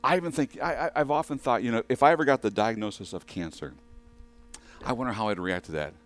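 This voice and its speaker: A man's voice: mid-range voice, quick pace. A man preaching a sermon in a conversational way, often asking the congregation questions. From western United States.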